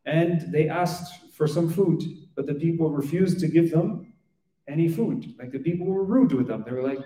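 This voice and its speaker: A man retells a sacred story in a relaxed, conversational sermon, voicing each character as he goes. His voice sits a touch high but sounds dark and mellow. He stands back from the microphone, and the room echoes around him. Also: moderate pace, recorded from a distance. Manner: conversational, acts out dialogue with lots of "right?". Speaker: religious teacher.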